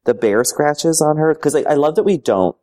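A man's voice: on the high side, expressive, normal speed, mellow. A man co-hosting a podcast in casual chat, wry and hesitant, with many fillers and restarts. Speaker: podcast co-host.

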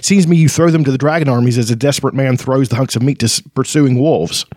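A man's voice: mid-range voice, fast, darkish tone, no room sound, studio quality, natural voice. A man reading the lines of a male warrior who speaks harshly.

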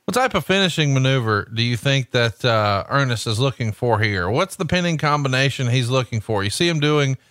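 A man's voice: medium pitch, animated, fairly quick, few pauses, a bit bright, no room sound. A man hosting a podcast, adding wrestling commentary and dry, joking asides. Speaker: podcast host.

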